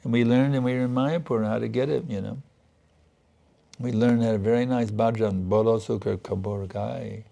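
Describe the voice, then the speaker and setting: A man's voice: mid-range voice, steady tone, normal speed, vocal fry, warm tone. A man giving a spiritual sermon, telling a story and acting out earnest, pleading prayers. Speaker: spiritual teacher.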